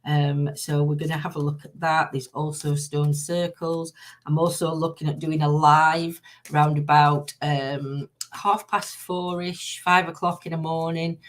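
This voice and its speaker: A woman's voice: low-pitched, level tone, a little slow. A middle-aged woman with a Northern English accent hosting a casual live stream. She rambles through lots of fillers, reads oracle cards and greets her viewers by name.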